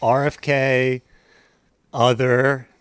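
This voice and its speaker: A man's voice: medium pitch, little pitch movement, extremely slow, smooth, dry recording, studio quality. A man co-hosting a casual comedy podcast, chiming in with wry jokes and mock-serious takes. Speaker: podcast co-host.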